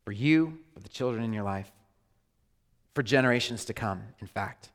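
A man preaching a sermon as a pastor, animated and joking with his congregation. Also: medium pitch, moderate pace. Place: large church hall. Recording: hall reverb.

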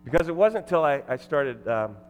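A man's voice: fairly high pitch, expressive, fairly quick. A man giving a casual, joking testimony to his old church congregation, with fillers and restarts. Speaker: former elder and guest speaker at his old church. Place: church sanctuary. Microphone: headset or ear mic. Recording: long reverb of a large church.

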